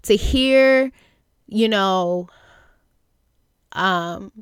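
A young woman hosting a faith podcast, speaking earnestly and haltingly with many fillers and restarts. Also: mid-range voice, smooth, no room sound, studio quality. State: near tears at times. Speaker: podcast host. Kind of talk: reflective faith podcast monologue.

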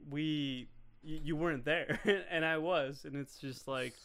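A man co-hosting a podcast, talking about a film in an animated, intense way and swearing now and then. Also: on the high side, measured pace. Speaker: podcast co-host. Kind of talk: casual film discussion.

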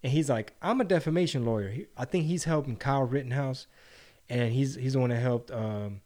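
A man chatting casually on a podcast. He swears freely and slangs it up, jumping into mocking impressions of people. His voice sits at an ordinary middle pitch. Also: steady tone, normal speed, dark tone. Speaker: podcast co-host. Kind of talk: casual profane chat.

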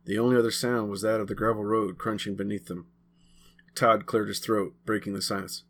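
A man narrating a chapter of his own novel in a measured, steady reading voice. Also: fairly low pitch. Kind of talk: audiobook-style narration.

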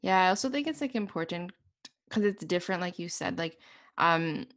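Gravelly-voiced young woman hosting a podcast. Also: lowish voice, normal speed. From Canada. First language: English. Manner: relaxed, asks questions, frequent "like". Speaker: podcast host. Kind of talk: casual interview chat.

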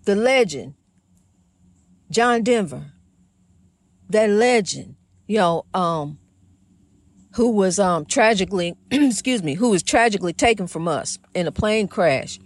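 A woman with a mid-pitched voice talks folksily to her listeners, rambling and calling them honey. She drifts into praising God like a preacher. The sound is dry and close. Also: dry recording. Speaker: host of a motivational program. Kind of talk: casual spiritual monologue.

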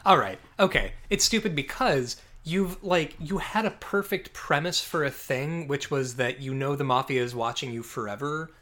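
A man casually reviewing a film with a friend, animated and sarcastic, swearing often. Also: fairly high pitch, normal speed, few pauses. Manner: animated, sarcastic, swears, puts on mobster voices. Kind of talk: casual movie review chat.

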